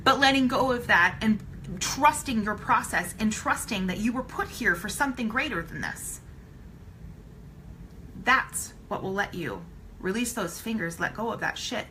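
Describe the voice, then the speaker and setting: A woman's voice: medium pitch, expressive, normal speed, pushed and bright, slight background noise, rough recording. A woman giving a live-streamed motivational talk, emphatic and blunt, swearing casually and repeating her points for emphasis. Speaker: motivational speaker.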